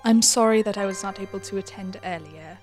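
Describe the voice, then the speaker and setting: A woman's voice: medium pitch, fairly quick, soft background music, lightly acted. A woman voicing a gracious young Victorian countess who greets her guests formally in a tabletop role-play. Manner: polite, formal and welcoming.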